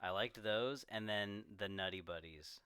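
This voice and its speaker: Young guy on a film podcast, lower voice, smooth and clear, dry close sound, acts out the characters. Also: a little slow, dry recording. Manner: animated, acts out characters' lines. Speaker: podcast co-host. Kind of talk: casual film discussion.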